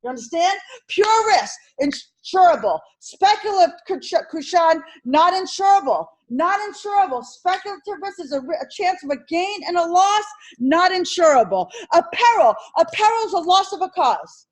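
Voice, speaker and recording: A woman instructor lecturing a classroom on insurance licensing, animated and repetitive as she drills and quizzes her students. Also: extremely high pitch, normal speed, hardly any pauses, rough recording.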